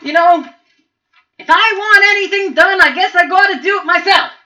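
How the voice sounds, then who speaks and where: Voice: very high-pitched, moderate pace, recorded from a distance, voice pushed up. Furious goblin boss. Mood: furious shouting. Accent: Italian mobster put-on. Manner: shouting, barking orders. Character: enraged goblin boss, loud bully. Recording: dull lo-fi recording.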